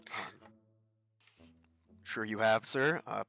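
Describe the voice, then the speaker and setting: A man's voice: fairly low pitch, takes it slowly, vocal fry, bright, forceful tone, no echo, soft background music. A young man playing a tabletop role-play game, speaking in a polite, hesitant way. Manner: polite, hesitant, ends lines with "sir". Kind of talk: in-character role-play talk.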